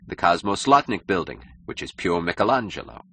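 A man voicing a cynical, powerful male publisher who speaks gravely and with smooth mockery in an audiobook. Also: deep voice, big pitch swings, fairly quick, a bit bright, dry recording, exaggerated voice. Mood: mocking.

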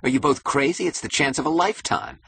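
A man voicing an excitable, pushy young male architect who breaks into agitated, shrill outbursts. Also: quick pace, slight background noise.

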